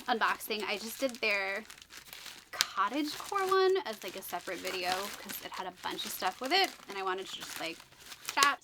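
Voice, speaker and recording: A woman chatting her way through a book unboxing, her fairly high voice leaping all over the place. She gushes, fills her talk with "like," and keeps dropping into side remarks. The tone is bright and forward. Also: slight background noise. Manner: gushing and exclamatory, frequent "like", dips into asides.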